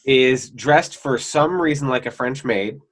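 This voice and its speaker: A man's voice: mid-range voice, a little slow. A man co-hosting a podcast, recapping an anime's plot casually with playful, jokey asides. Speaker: podcast co-host.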